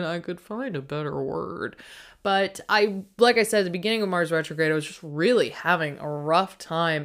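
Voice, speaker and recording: A woman hosting her own podcast, talking casually and playfully with a self-deprecating streak. Her voice sits a little low for a woman and comes through smooth and clear. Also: fairly bright tone. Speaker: podcast host. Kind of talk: casual podcast intro monologue.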